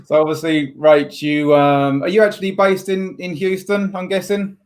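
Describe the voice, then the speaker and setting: A man's voice: high voice, monotone, normal speed. Laid-back man hosting a chat show. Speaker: podcast host. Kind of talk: casual chat.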